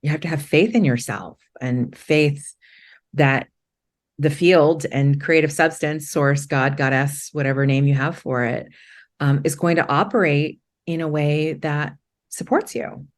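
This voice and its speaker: A middle-aged woman from Maine, a podcast guest telling her story candidly, rambling with many restarts and quick laughs. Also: sits low.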